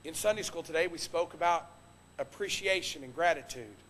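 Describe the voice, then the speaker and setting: A man preaching a sermon from the pulpit, impassioned, swinging between loud exhortation and hushed earnest tones. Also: on the high side, fairly quick. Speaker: pastor. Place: church sanctuary. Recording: long reverb of a church hall.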